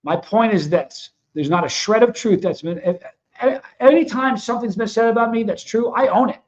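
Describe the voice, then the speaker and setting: A man's voice: high-pitched, normal speed. A man hosting his own livestream, talking casually and bluntly to his viewers in a fired-up, confrontational way. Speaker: host of a livestream show. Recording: dull lo-fi sound.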